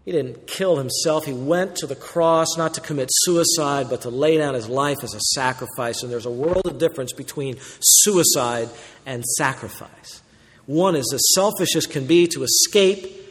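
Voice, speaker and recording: Man preaching in a reverberant hall. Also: normal speed. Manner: swings from loud emphatic warnings to low quiet asides. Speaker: pastor. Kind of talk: expository sermon.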